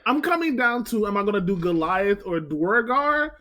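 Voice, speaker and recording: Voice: mid-range voice, big pitch swings, moderate pace, sharp tone. A player casually thinking aloud while planning a game character.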